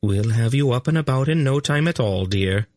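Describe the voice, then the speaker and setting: A man voicing a calm, commanding sorceress who speaks crisply and with motherly authority, in an audiobook reading. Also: medium pitch, no room sound, studio quality, pitched above the performer's own voice, lightly acted. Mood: brisk, soothing. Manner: crisp, brisk, gently condescending. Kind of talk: audiobook character voice.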